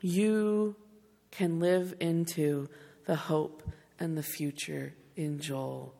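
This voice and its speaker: A woman's voice: low-pitched, fairly even intonation, very slow, creaky, dark tone, big-room sound. A woman pastor preaching a sermon, speaking tenderly and directly to her congregation.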